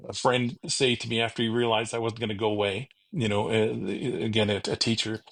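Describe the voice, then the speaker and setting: A middle-aged man tells stories in a gravelly voice that wanders from point to point. His tone is casual and self-deprecating, and he acts out what other people said. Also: lowish voice, level tone, brisk, a bit bright. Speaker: podcast guest, car finder. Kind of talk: casual storytelling chat.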